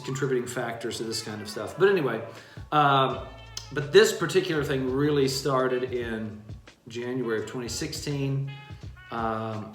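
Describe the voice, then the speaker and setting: Reflective man in an echoey room. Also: mid-range voice. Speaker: co-host, opera singer. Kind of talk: casual live-stream chat.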